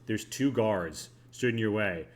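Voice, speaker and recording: A man's voice: fairly low pitch, unhurried. A man narrating a tabletop game as game master, telling the story dramatically with casual swearing. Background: background music.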